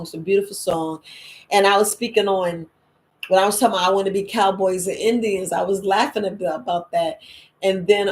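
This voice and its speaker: A middle-aged woman, hosting a wellness podcast in a lively, emphatic monologue. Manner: lively and emphatic, with quoted voices and sudden high exclamations. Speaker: herbalist and podcast host. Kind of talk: casual spoken monologue.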